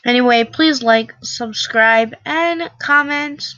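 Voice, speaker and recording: A woman's voice: fairly high pitch, takes it slowly, pushed and bright, dry recording, lo-fi sound. A teenage girl casually reacting to an online quiz, chatty and sarcastic, full of "like". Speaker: vlogger taking an online quiz.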